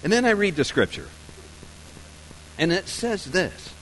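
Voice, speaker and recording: A man preaching a sermon, telling a story softly and slowly, then building to loud, emphatic points. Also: sits high, big pitch swings, a little hiss or hum, rough recording. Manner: storytelling, soft and slow in scenes, rising loud and emphatic for points. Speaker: pastor.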